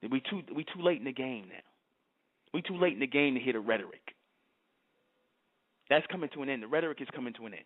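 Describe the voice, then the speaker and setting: A man's voice: mid-range voice, animated, fast, long pauses. A man hosting his own channel, delivering an emphatic, repetitive solo monologue and often asking his listeners if they understand. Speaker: channel host. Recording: tinny phone-like sound.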